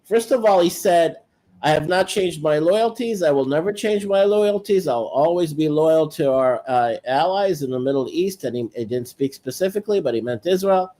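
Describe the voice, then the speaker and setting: An insistent man with a high voice, a regular on a call-in talk show. He keeps contradicting the others. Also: lively intonation, normal speed, warm tone.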